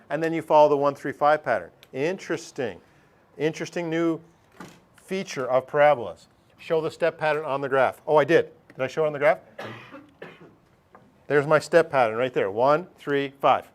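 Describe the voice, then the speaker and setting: A middle-aged man teaching a math lesson over a screen recording, chatty, thinking aloud and putting questions to himself. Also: fairly high pitch.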